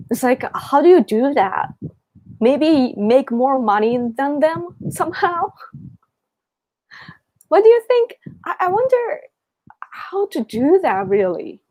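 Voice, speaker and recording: A woman's voice: mid-range voice, dark tone, dry recording. A Japanese woman in her thirties, a native Japanese speaker talking English with a Japanese accent, hosts a casual live Q&A chat and rambles as she searches for her words. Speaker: live-stream host.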